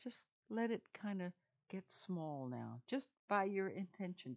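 A woman's voice: fairly low pitch, expressive. A woman leading a guided meditation in a soothing, repetitive way. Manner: slow, soothing, repetitive phrasing. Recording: dull lo-fi sound.

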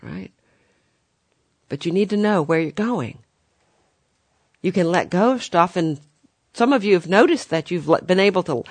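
A spiritual teacher giving a guiding talk in a gentle manner, addressing the listeners as dear ones. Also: medium pitch, big pitch swings, normal speed, long pauses, no echo.

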